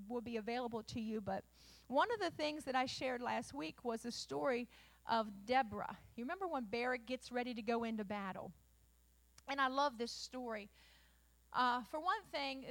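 A woman's voice: sits high, a bit bright. A woman pastor preaching a sermon in a folksy, storytelling way, with many fillers and rising emphatic peaks.

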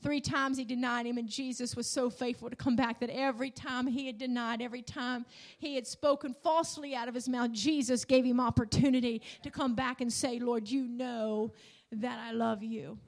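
Woman preacher, high voice, emphatic sermon delivery with rising and falling emphasis. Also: steady tone, brisk, hardly any pauses. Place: church in front of a congregation.

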